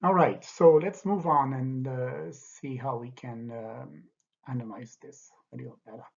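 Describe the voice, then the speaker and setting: Older man, husky. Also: medium pitch, a little slow. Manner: hesitant, many fillers, explanatory. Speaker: French literature teacher. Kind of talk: lecture with poetry reading. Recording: dull, lo-fi.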